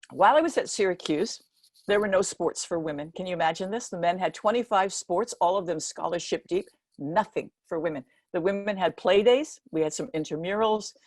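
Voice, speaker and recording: A woman in her seventies giving a motivational speech, telling a story with lively energy and acting out the other voices in it. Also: lowish voice, dry recording. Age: 70s. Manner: lively storyteller who acts out the quoted voices. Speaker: guest speaker.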